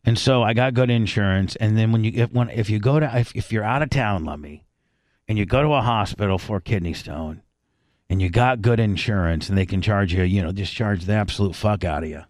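A man's voice: on the low side, a little fast, darkish tone, no echo. Male radio host, loose profane rambling, dry close studio sound. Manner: rambling, profane, many restarts. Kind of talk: casual crude chat.

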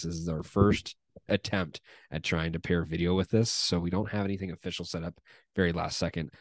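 A young man hosts a casual sports podcast and talks in a very deep register. His chat is upbeat and loose, with frequent fillers. The sound is dry and close to the mic. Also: dry recording. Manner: upbeat, announcer-like welcome, relaxed chat with fillers. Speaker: podcast host.

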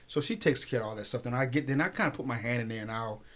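Fast-talking man, rambling chef. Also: mid-range voice. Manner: rambling, animated, repeats himself. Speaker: private chef. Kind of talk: casual interview talk.

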